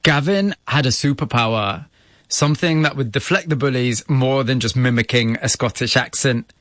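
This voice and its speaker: Male radio host, mid pitch, scripted narration, empathetic questions, dry studio. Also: moderate pace, fairly bright tone, no echo.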